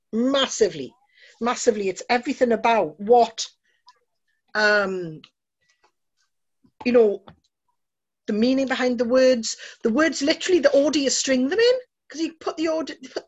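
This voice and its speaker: Woman host, enthusiastic, breathy, slightly high voice, dull lo-fi sound. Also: expressive, normal speed, pauses often. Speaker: podcast host. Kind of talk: casual chat.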